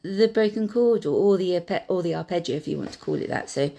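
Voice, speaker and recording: A woman and piano teacher gently recalling her own learning, talking hesitantly with many pauses and fillers. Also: on the low side, expressive, vocal fry. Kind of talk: reflective personal storytelling. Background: piano music.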